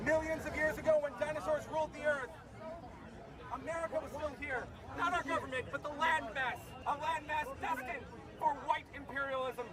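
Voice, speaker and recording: A man with a very high-pitched voice speaks in a deadpan, mock-earnest way, playing a comedian's straight-faced bit at a street protest. Loud crowd noise surrounds him outdoors. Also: moderate pace. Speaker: professional comedian. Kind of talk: satirical street trolling.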